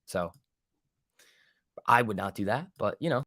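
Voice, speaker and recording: A man's voice: lowish voice, animated, measured pace, fairly bright tone, no echo, studio quality. A man hosting a live trading stream, talking loosely and thinking aloud as he reads the market, with the odd swear word. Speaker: stock trading stream host. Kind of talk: casual live market commentary.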